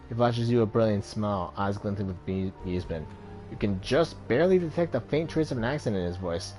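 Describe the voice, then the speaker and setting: A man's voice: mid-range voice, animated, quick pace, mellow, soft background music. A man hosting a let's play and reading the game's text aloud, often stumbling and correcting himself.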